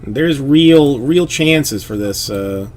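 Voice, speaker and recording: A man's voice: mid-range voice, animated, slow pace, a little mellow. Rambling man hosting a live card break. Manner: rambling, self-deprecating, full of restarts; hustles buyers to fill spots. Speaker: sports card break host. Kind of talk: casual live-stream chat.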